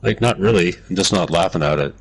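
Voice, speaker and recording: A man's voice: deep voice, fast, breathy edge, rough recording. A man co-hosting a casual chat, answering in short, dry and sardonic remarks. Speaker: co-host.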